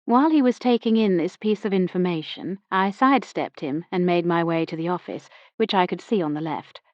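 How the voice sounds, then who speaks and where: A woman narrating a period mystery audiobook in the first person, measured and wry. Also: lowish voice, dry recording, highs cut off.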